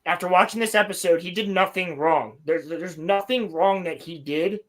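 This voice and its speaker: A man co-hosting a podcast, recapping a show in casual chat, animated and swearing often. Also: high voice, normal speed. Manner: animated, swears a lot, mimics characters. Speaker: podcast co-host.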